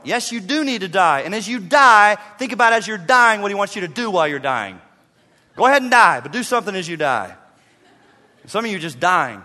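A man preaching a sermon as a pastor, emphatic and swinging between soft and loud passages. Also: high voice, expressive, normal speed, long reverb tail.

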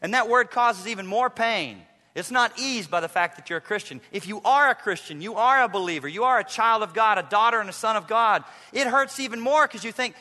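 A bright, high-pitched male pastor delivers a dramatic sermon. He presses hard on emphatic lines, then drops into hushed, slow passages. His voice rings with a long reverb in a large church hall. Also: lively intonation. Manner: dramatic preaching, swings from loud emphasis to hushed low passages.

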